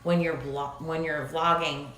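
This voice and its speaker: A woman joins a casual livestream, cutting in to finish and add to the host's points. Her voice is unusually deep for a woman. The room echoes, and there is a light hiss behind her. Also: level tone, measured pace, a bit bright. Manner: chatty, jumps in to finish and add to his points. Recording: echoey room with faint background noise.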